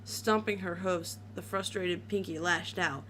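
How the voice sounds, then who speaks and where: A woman's voice: fairly low pitch, steady tone, unhurried, few pauses, fairly bright tone, slight background noise. A woman reading a horror story aloud in a casual way, with small slips and restarts.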